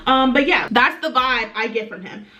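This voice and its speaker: A young woman chatting through a get-ready-with-me storytime, rambling, animated and playful. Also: a little high, moderate pace, lo-fi sound. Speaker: beauty vlogger.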